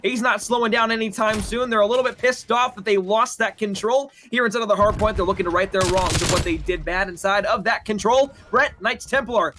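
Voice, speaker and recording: A young man casting an esports match with hyped, jokey, drawn-out announcer delivery. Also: high voice, background noise. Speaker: esports caster. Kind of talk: play-by-play esports commentary.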